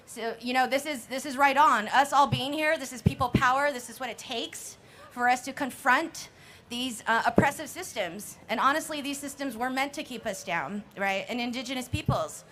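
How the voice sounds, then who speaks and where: Fiery rally speaker, woman, slightly high pitch, outdoors with faint background noise. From Navajo Nation, US Southwest. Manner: impassioned, rising to shouts. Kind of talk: outdoor protest speech.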